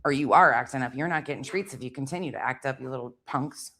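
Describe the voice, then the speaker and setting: A woman's voice: rumbling low, fast talker, fairly bright tone. A woman hosting her own channel, chatting casually and profanely at home while talking to her dogs. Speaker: channel host. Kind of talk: casual chat.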